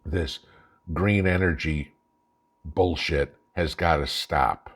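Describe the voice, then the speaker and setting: Brief: low-pitched male host, angry ranting monologue, blunt, profane, mocking. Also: fairly even intonation, slow. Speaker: channel host.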